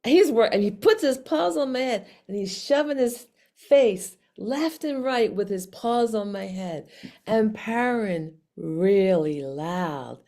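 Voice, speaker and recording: A woman telling a personal story to camera in a casual, animated way, with frequent restarts and laughs. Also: mid-range voice, slow pace. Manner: animated, chatty, many restarts, laughs often. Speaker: vlog host.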